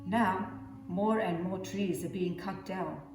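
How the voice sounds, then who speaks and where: A teacher reading a children's story aloud in a gentle, measured way. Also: female voice, fairly low pitch, fairly even intonation. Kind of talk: storybook narration. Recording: echoey room, far from mic, music behind.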